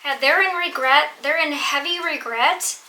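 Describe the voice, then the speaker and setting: A woman reads tarot cards for her audience in a high, very bright voice. She is earnest and emphatic and often repeats a phrase to drive it home. The room is echoey, with a faint hiss underneath. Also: moderate pace. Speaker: tarot reader. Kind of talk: tarot reading to viewers.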